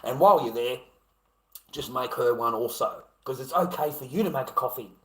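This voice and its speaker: A man's voice: medium pitch, normal speed, reverberant. A man in his fifties with an Australian accent, ranting profanely and mocking his chat during a casual livestream. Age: 50s.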